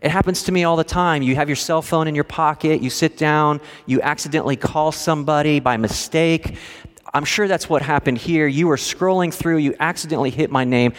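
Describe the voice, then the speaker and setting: A man's voice: a little high, a little fast, in a large hall, close to an everyday voice. A man playing an anxious, reluctant man who pleads with God to send someone else. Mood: pleading. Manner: pleading, self-doubting.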